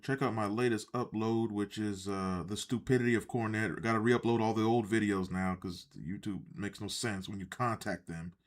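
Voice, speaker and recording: A man hosting a live stream, reacting in a loose, rambling way, sarcastic and quick to swear. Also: lowish voice, fairly even intonation. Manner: ranting, sarcastic, swears often, rambling asides. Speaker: livestream host reacting to wrestling. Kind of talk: casual live reaction commentary.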